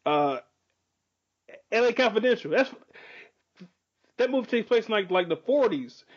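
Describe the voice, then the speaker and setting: A man's voice: high voice, expressive, unhurried, highs cut off. A man in a casual chat, rambling in profane slang with lots of fillers.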